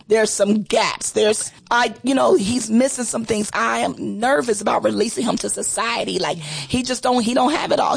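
A middle-aged woman pastor shares her testimony with fervent, preacherly emphasis, her voice close to tears. Her tone carries a gravelly, fry-tinged edge, and her pitch sits in an ordinary middle range. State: tearful. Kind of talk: testimony on a faith talk show.

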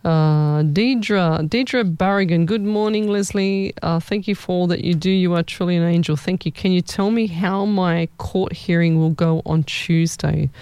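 A woman hosts a live-stream as a psychic medium, giving readings for viewers in a chatty, rambling style and often repeating her words. Her lowish voice is dark and clean, with no echo.

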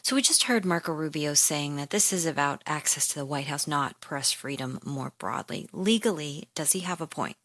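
Female news host, deep-pitched and composed, dry studio sound. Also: animated, normal speed, hardly any pauses, a bit bright, no echo. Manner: composed, questioning. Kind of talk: radio news interview.

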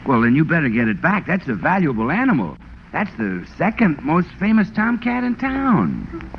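A man's voice: on the high side, wildly swooping pitch, normal speed, creaky. A man playing the show's announcer in a 1940s radio comedy, brash, boastful and theatrical. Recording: hissy lo-fi old radio broadcast.

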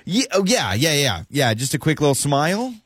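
A man's voice: fairly high pitch, big pitch swings, moderate pace, fairly bright tone, husky, no room sound, studio quality. A man who is a radio host, posing as a dental office caller in a prank phone call, stammering, dodging questions and repeating himself.

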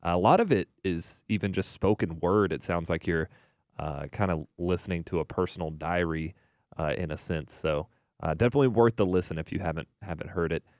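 A young man hosting a radio music show, chatting in a relaxed, rambling way full of "uh"s and restarts. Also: sits low, fairly quick, dry recording, clean studio sound. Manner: relaxed, rambling, filler-heavy. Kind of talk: casual radio DJ chat. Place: radio studio. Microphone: studio mic.

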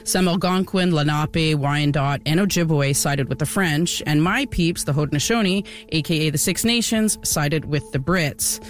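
A woman's voice: sits low, normal speed, hardly any pauses. A woman co-hosting a casual history podcast, explaining events with a few fillers. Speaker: podcast co-host.

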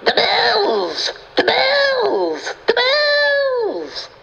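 Man putting on a chatty shop lady, gravelly, wildly swooping pitch, dull lo-fi sound. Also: drawn-out words, exaggerated voice. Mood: gossipy. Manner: animated storytelling with swooping squeals. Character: chatty middle-aged woman shop clerk Nolene.

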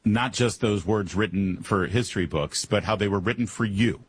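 A man's voice: on the low side, slightly rough. A man hosting a talk radio show, riffing in a wisecracking monologue. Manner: wisecracking, puts on quick mock voices.

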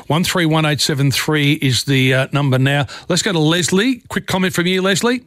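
A man's voice: on the high side, a bit bright, no room sound. A man hosting a talkback radio show, chatting with callers in a friendly, encouraging way. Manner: chatty, encouraging, quick to react.

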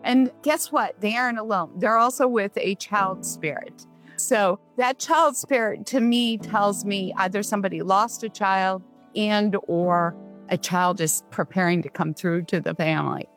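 A woman hosting a call-in radio show as a psychic medium, giving gentle, reassuring readings to callers. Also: medium pitch, measured pace, soft background music. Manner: warm reassuring, relays messages in a gentle steady flow.

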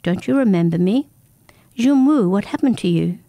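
A woman voicing a calm, secretive young male novice who speaks quietly and insistently. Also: mid-range voice, moderate pace, no room sound, studio quality, close to an everyday voice.

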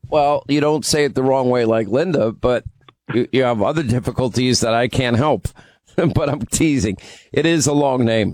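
Man, talk radio host, opinionated, emphatic, mid pitch, dry close studio mic. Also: moderate pace, darkish tone, no echo. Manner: opinionated, emphatic, teasing with callers. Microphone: studio microphone.

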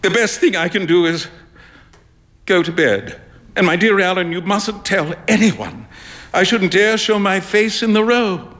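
A man playing a sulky young gentleman. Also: sits high, unhurried, big-room sound, pitched above the performer's own voice. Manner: sulky, rueful.

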